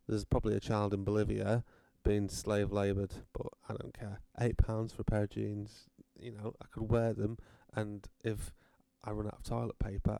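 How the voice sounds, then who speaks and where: A man's voice: on the low side, creaky, dark tone, no echo. A British man delivering a rambling, sardonic comedic rant, swearing freely and going off on tangents.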